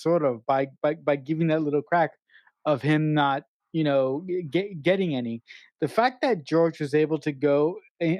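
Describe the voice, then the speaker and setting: A man co-hosting a podcast, talking through a film in a halting way, often repeating words and restarting. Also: fairly high pitch, a little mellow, no room sound, clean studio sound. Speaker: podcast co-host. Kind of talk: casual film review chat.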